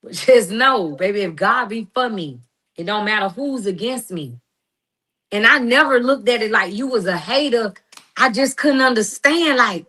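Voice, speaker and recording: A woman's voice: fairly high pitch, expressive, moderate pace, fairly bright tone. Fiery woman calling someone out. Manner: emphatic, confrontational, preachy with slang. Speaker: guest responding to critics. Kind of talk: heated personal monologue.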